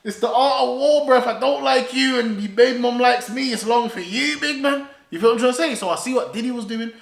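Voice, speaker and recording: A young man giving casual, slang-heavy commentary, animated and laughing, with loud bursts and low asides. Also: fast talker, gravelly. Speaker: online commentator. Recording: roomy echo.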